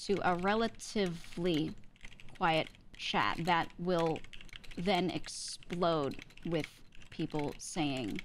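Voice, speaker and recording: A woman's voice: fairly low pitch, slow, slight background noise. Laughing, chatty streamer woman. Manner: chatty, laughs often between sentences. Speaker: VTuber streamer. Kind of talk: casual stream chat, reacting to clips.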